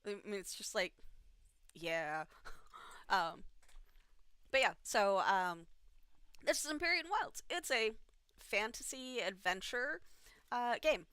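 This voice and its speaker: A woman's voice: medium pitch, expressive, slow pace, pauses often, a bit bright, clean tone, dry recording. Rambling tired woman game master. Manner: rambling, self-deprecating, many fillers. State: tired from little sleep. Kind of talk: livestream announcements and recap.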